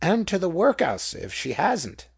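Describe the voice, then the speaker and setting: Storybook: man voicing a huge blunt policeman, loud and gravelly. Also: high-pitched, huge pitch swings, a little slow, voice pushed up, exaggerated voice. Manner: savage, blunt. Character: gruff huge male policeman, rough and blunt.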